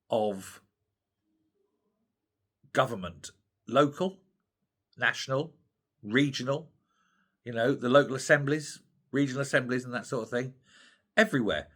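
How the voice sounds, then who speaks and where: A man's voice: medium pitch, pushed and bright. An older British man hosting his own opinion channel, ranting in an indignant, scornful way. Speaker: commentary channel host. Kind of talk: opinionated solo commentary.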